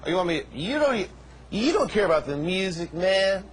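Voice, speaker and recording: Rowdy laughing guest, lively voice. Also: male voice, high voice, brisk, rough recording. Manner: loose, laughing, rowdy banter. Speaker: guest musician. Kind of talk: casual chat.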